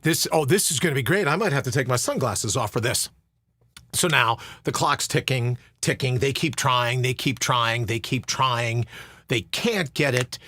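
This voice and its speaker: A man's voice: fairly high pitch, fairly bright tone. A middle-aged man hosting a podcast, telling a long funny story and acting out other people's lines. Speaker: podcast host. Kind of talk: storytelling monologue.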